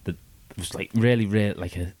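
A man's voice: low-pitched, fairly even intonation, a little fast, a little mellow. A man chatting on a podcast, rambling and searching for words as he explains. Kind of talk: casual chat.

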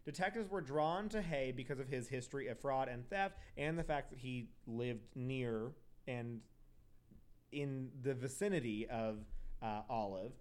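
A man's voice: mid-range voice, a little mellow. Rambling young man telling crime stories. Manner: rambling, profane, quick asides and self-corrections. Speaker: podcast host. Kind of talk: casual true crime storytelling.

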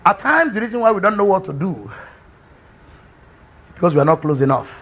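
A man preaching a fervent sermon, swinging from quiet speech to loud cries. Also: big pitch swings, brisk. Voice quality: high, gravelly and husky, with shouted peaks. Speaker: pastor.

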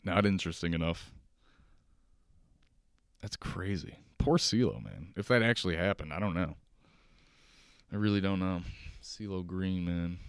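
A man's voice: sits low, expressive, moderate pace, vocal fry, smooth, dry recording. A young man telling stories alone at his kitchen table, loose and profane, rambling with laughs. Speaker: podcast host. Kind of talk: casual solo storytelling. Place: kitchen at home.

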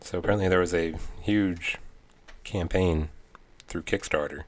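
A man with a very low, deep voice co-hosting a casual chat. He is laid-back and mostly answers in short agreeing words. Now and then he reads out a news story. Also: steady tone, unhurried. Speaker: podcast co-host.

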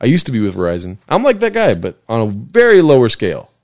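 A young man hosts his solo podcast from a desk in his living room, rambling from joke to joke with plenty of swearing. His pitch swings widely as he slips in and out of mock voices. The sound is close and dry. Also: huge pitch swings, fast, a little mellow, no room sound. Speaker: podcast host. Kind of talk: casual solo podcast chat.

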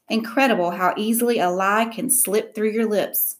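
Woman narrating an audiobook, mid-pitched. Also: steady tone, normal speed, few pauses. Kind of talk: first-person audiobook narration.

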